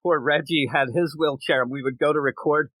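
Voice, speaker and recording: A man co-hosting a comics podcast in casual chat, animated and laughing often as he acts out quick voices. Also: fairly high pitch, dry recording, low-quality recording. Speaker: podcast co-host.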